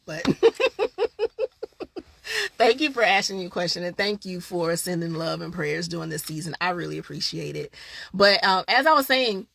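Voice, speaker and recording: A woman's voice: fairly low pitch, big pitch swings, measured pace, vocal fry, long pauses, fairly bright tone. A woman hosting a casual live-stream show, chatting candidly and directly to her viewers. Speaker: host of a live online show.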